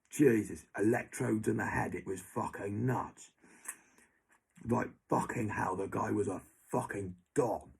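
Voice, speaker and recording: A man's voice: low-pitched, vocal fry, darkish tone, slightly rough. A young man, ranting angrily to someone who is not there. He swears heavily and keeps repeating that person's name. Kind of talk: angry monologue to an absent person.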